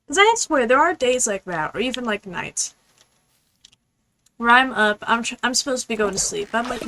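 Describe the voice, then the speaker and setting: Bright-voiced young woman streamer rambling. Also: a little high, big pitch swings, rough recording. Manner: rambling, apologetic, talks fast. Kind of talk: casual gaming stream chat.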